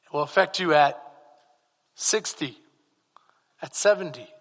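Casting: high, bright-toned male preacher, impassioned, heard with long hall reverb. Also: unhurried. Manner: impassioned preaching that rises to shouts. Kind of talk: sermon.

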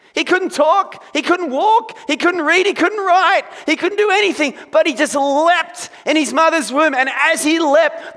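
A man preaching a sermon to his church, building to shouted passages and dropping back to quieter storytelling. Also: very high-pitched, long reverb tail. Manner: preaching with rising intensity, sometimes shouting. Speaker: pastor. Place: church sanctuary.

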